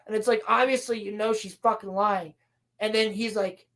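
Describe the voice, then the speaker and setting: A woman's voice: mid-range voice, fairly even intonation, normal speed, fairly bright tone. Sarcastic, foul-mouthed woman podcaster. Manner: sarcastic, profane, mocking; acts out quoted lines in playful voices. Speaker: podcast co-host reviewing a TV show. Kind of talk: casual chat.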